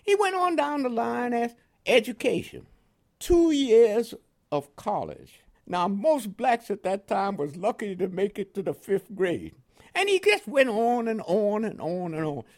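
His voice sits high and moves a little slowly as this older man from Panama shares his life story for an oral history project. French was his first language, and he speaks with a New York accent tinged by West Indian inflections. Lively and animated, he acts out the voices of people he quotes.

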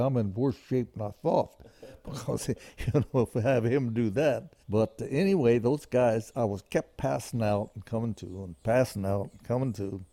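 An older man recounts his flying days in a folksy, vivid manner. His voice is warm and mellow. The sound is dry and close. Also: medium pitch, no room sound. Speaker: veteran pilot. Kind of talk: storytelling interview.

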